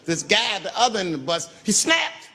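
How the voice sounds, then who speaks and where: A man doing stand-up, telling a profane story and acting out the characters with wild shouts. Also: high voice, very animated, fairly quick. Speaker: stand-up comedian. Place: comedy venue with live audience. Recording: live stand-up recording with crowd noise. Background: audience laughter.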